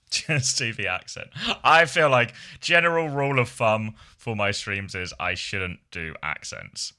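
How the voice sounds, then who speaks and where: A man's voice: on the low side, a little slow, pushed and bright. A middle-aged man, chatting playfully with his live-stream viewers and laughing often. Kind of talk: casual live-stream chat.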